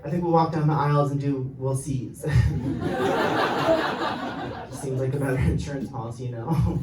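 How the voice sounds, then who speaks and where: Onstage at a comedy club, a young stand-up comedian rambles through his set with fillers, chuckling at his own jokes as the audience laughs. His voice is on the high side, measured, with frequent pauses. The live-show sound is roomy and very noisy, with the mic at a distance.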